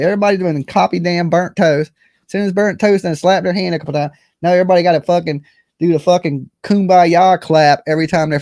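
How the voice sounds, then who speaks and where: A man's voice: fairly high pitch, darkish tone, no room sound, studio quality. A man co-hosting a casual commentary show, blunt and exasperated, cursing often. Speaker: co-host.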